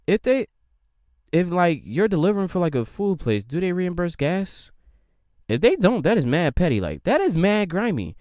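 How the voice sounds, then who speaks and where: A man rants on a podcast in a loose, comedic flow, and his pitch climbs and drops all over the place. His voice is smooth and clean. The sound is dry and close, with no room echo. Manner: rambling, profane, swings pitch widely for quoted voices. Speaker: podcast host. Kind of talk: casual comedic rant.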